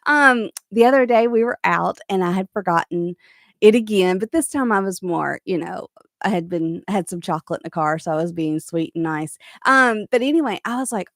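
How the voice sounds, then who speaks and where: A woman's voice: mid-range voice, normal speed, dry recording. Woman, Southern US accent, chatty live-stream host, laughs easily, dry close sound. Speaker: host of a live crochet chat. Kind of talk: casual live-stream chat reading viewer comments.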